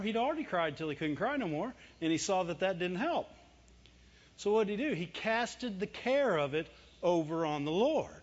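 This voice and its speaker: A male preacher with a high voice, delivering a sermon in a chatty way and firing off quick rhetorical questions he then answers. The recording sounds dull and lo-fi. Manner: conversational, chuckling preaching. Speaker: pastor.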